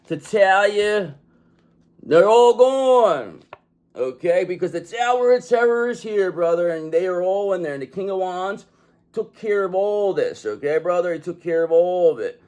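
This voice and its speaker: A man reading tarot cards in a streetwise, gangster-style monologue, often tagging "okay?" onto his lines. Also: darkish tone. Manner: acts out pleading enemies in a high voice. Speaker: tarot reader.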